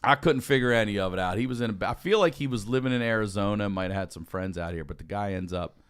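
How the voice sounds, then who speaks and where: A man's voice: fairly low pitch, fast, clean tone. A man telling casual, profane stories as a podcast guest, acting out what people said. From Baltimore. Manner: profane, animated, acts out quotes. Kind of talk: casual storytelling.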